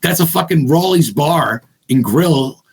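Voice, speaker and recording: Man, podcast guest, blunt, profane, excitable, husky, gravelly. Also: a little high, measured pace. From Maine. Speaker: podcast guest, ghost hunter. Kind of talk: casual podcast chat.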